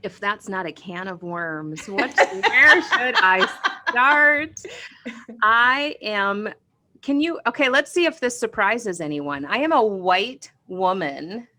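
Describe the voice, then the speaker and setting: A woman guest on a podcast, talking in a bubbly, animated way that turns passionate and emphatic, and laughing easily. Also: medium pitch, a little slow, slight background noise. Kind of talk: casual conversation.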